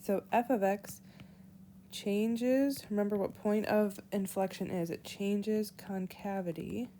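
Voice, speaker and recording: A woman teacher giving a whiteboard math lesson, walking through each step slowly and aloud. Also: mid-range voice, fairly even intonation, mellow, slight background noise. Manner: slow, deliberate, walks through steps aloud. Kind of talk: whiteboard lesson explaining calculus.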